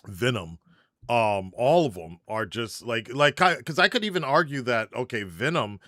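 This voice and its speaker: A man's voice: mid-range voice, animated, normal speed, sharp tone, no room sound, studio quality. A man from Japan chatting casually about a superhero film, rambling with lots of fillers and restarts. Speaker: livestream panelist. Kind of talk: casual movie spoiler chat.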